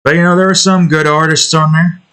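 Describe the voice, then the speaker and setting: A young man with a bright, forceful tone rambles casually as he draws. He talks in an offhand, self-deprecating way and drifts between topics. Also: a little high, flat delivery, fairly quick, clear, resonant tone. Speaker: artist and channel host. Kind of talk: casual chat while drawing.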